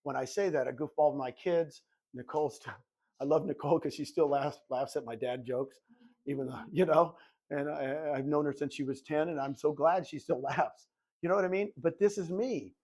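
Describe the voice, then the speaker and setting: An older man in his sixties presenting to a room of real estate agents. He talks like a goofball, telling stories and acting out both sides of his conversations. His voice sits a little high. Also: normal speed. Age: 60s. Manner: animated storytelling, acts out dialogue; jokey self-described goofball. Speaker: real estate recruiter and coach.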